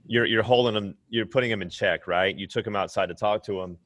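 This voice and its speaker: A man's voice: on the low side, brisk, a bit bright, no echo. A man hosting an interview podcast, affirming the guest and reflecting back on what she has said. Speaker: podcast host.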